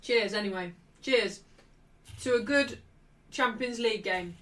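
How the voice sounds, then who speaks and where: A woman hosting a live football watchalong, chatting cheekily and shouting out at refereeing calls. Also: mid-range voice, a little slow, distant mic. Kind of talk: live match watchalong commentary.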